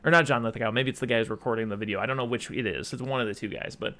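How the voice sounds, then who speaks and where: A man's voice: mid-range voice, steady tone, racing, bright, forceful tone. A young man hosting a casual podcast chat about movies, rambling through scenes and acting out the lines. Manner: rambling retelling with acted-out quotes. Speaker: podcast host.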